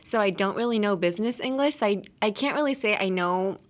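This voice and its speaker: A woman's voice: medium pitch, fairly quick. A young woman in her twenties hosting an English-learning podcast, chatting casually and laughing often. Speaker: podcast host teaching English. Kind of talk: casual English lesson chat.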